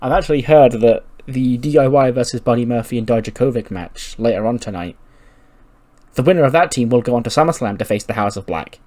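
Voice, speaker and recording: A man's voice: medium pitch, fairly quick, a little mellow, close to an everyday voice. A man loosely voicing a grumbling male wrestler who complains about his tag partner, in a casual, offhand way with swearing.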